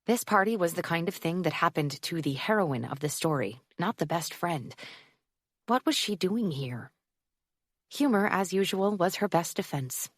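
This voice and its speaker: Lady reading a romance audiobook, low voice, super dry close mic. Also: animated, normal speed, dry recording. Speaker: audiobook narrator. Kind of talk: scripted narration.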